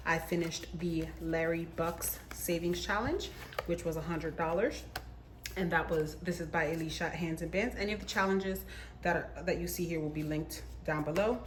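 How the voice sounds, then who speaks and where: Low-voiced woman chatting about her budget. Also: a little hiss or hum. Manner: chatty, rambling, self-correcting. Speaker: budgeting vlogger. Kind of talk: casual cash-stuffing budget vlog.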